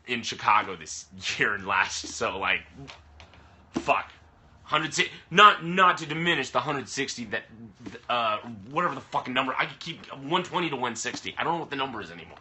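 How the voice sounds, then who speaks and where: A frustrated vlogger rants angrily to the camera on a live stream, swearing heavily. His mid-range voice is bright and forceful, picked up by a camera mic on a phone or webcam stream.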